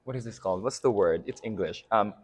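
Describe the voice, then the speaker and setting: A Filipino man, a drag house mother appearing as a guest in a casual interview, talks fast in a fairly low voice with a breathy edge. He giggles a lot, fills his speech with fillers, and lets his thoughts trail off.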